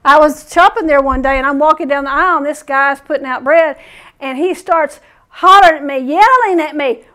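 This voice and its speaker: A woman preacher giving a sermon, telling stories in an animated way and chuckling often. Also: high voice, fairly quick.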